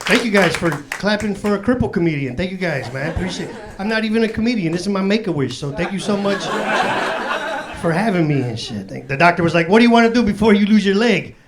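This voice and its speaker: Quick and expressive, with a high-pitched voice, a Chicago South Side comedian in his forties delivers a club set of loose, profane street talk, chuckling through his punchlines. The audience's laughter and crowd noise come through the live recording.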